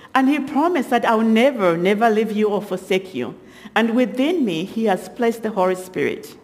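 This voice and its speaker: A middle-aged woman giving a sermon testimony as guest speaker, telling stories with halting restarts and lively acted quotes. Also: mid-range voice. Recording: long hall reverb.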